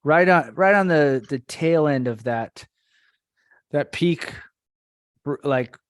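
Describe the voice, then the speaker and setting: A man's voice: fairly high pitch, expressive, slow, no room sound. A man hosting a podcast, chatting in a rambling way and laughing easily. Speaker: podcast host. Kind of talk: casual podcast chat.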